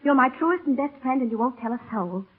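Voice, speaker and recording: Brief: glib, flippant young heiress, 1930s radio play, high quick delivery. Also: female voice, expressive, slightly rough. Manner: flippant, brushes off worry. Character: headstrong, glib young society woman. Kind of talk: 1930s radio drama acting. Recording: tinny old radio broadcast.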